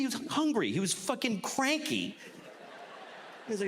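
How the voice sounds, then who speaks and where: Profane stand-up comic in an echoey hall. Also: male voice, high voice, huge pitch swings, unhurried, long pauses, a bit bright, slight background noise. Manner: conversational, profane, rising to incredulous rants. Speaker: stand-up comedian. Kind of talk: stand-up comedy set. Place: comedy stage before audience. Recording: live stand-up in reverberant hall.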